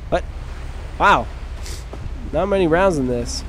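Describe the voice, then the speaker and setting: Excitable high-voiced young man gaming. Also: drawn-out words, pauses often, slight background noise. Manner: excitable, yelps and shrieks at scares; jokey, bro-slang banter with viewers. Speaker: gaming video host. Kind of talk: let's play commentary.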